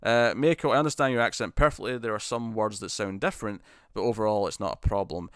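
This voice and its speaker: Chatty man, smooth low voice. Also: fast talker, a bit bright, no room sound, clean studio sound. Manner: chatty, reads out viewer comments and answers them, laughs often, many ums. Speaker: host. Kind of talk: casual live-stream chat. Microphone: studio mic with pop shield.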